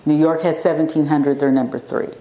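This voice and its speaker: Woman lecturer, middle-aged, fairly low warm voice, chatty storytelling, echoey classroom. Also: fairly even intonation, brisk, vocal fry. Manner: chatty storyteller, acts out quotes animatedly. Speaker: acupuncture physician giving a class talk.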